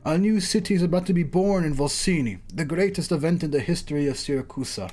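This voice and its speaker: Give me a grandiose, smooth male director voiced by a man for a game story. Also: fairly high pitch, lively intonation, fast, darkish tone.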